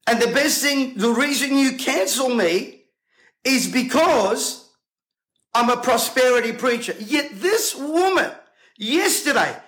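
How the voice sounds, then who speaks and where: An indignant male preacher with a strikingly high voice. He speaks to camera in a bright, forceful tone and keeps firing off rhetorical questions. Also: lively intonation, takes it slowly, rough recording. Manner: emphatic, combative, rhetorical questions.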